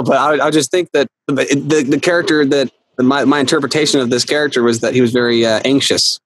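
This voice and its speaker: A man guest on an interview, telling stories in a lively, laughing way and acting out quotes. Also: mid-range voice, a little fast, hardly any pauses, rough recording. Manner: animated storyteller, laughs often, acts out quotes. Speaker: actor guest. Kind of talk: casual interview chat.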